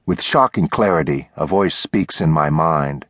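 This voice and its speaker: A man narrating a thriller audiobook in the first person, measured and deliberate, recorded on a close studio mic. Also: very deep voice, a bit bright, no room sound.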